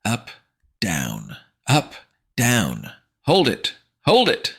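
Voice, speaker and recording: A man's voice: medium pitch, huge pitch swings, extremely slow, vocal fry, a bit bright, husky, voice pushed up, exaggerated voice. A man voicing a strict, peppy mother in her late thirties who barks exercise commands like a drill sergeant, in an audiobook. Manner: bossy sing-song drill commands. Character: strict peppy fitness-drill mom, nearly forty.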